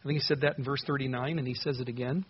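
A man's voice: medium pitch, steady tone, racing, muffled recording, a little hiss or hum. A man preaching a sermon, earnestly reading scripture verses aloud and explaining them. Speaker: pastor.

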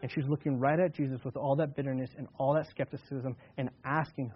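The lo-fi recording captures a pastor with a husky, medium-pitched voice delivering a sermon conversationally and at ease. When he reads scripture aloud, he slows and stresses the words.

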